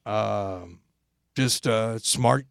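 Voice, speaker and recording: A man hosting a casual talk show, telling anecdotes in an animated way and jumping high in pitch when he quotes other people. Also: extremely slow, gravelly, clear, resonant tone, dry recording, clean studio sound. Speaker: host. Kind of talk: casual storytelling chat.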